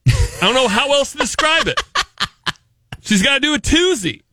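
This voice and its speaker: A man hosting morning radio with a high, bright voice that swings widely in pitch. He teases and jokes in casual banter, close to the mic in a dry studio. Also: wildly swooping pitch, moderate pace, no room sound. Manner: teasing, jokey banter. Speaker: radio morning show host. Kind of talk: casual on-air chat. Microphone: studio microphone.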